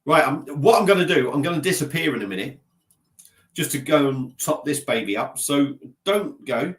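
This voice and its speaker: Sitting at his home desk with a slightly stuffy nose, a guy live-streams as a beer vlogger into his laptop mic. Chatty and self-deprecating, he rambles and reads comments aloud in a slightly high, somewhat bright voice with lively intonation at a moderate pace.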